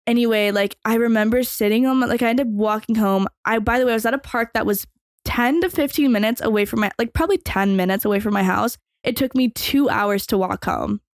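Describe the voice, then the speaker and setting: A woman's voice: fairly high pitch, quick pace, no room sound, studio quality. A young adult woman hosting a podcast, telling a long personal story in a rambling way, full of fillers and casual swearing. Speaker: podcast host.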